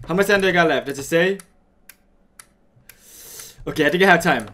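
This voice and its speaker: A man giving frantic, excitable gaming commentary and chatting with his viewers as he plays. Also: a little high, fairly quick, a little hiss or hum. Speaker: let's play gamer.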